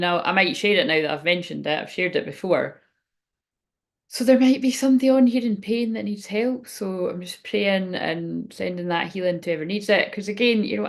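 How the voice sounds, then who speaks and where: A woman's voice: on the low side, vocal fry. A woman speaking as a spiritual reader in a rambling, frank livestream chat, swearing now and then.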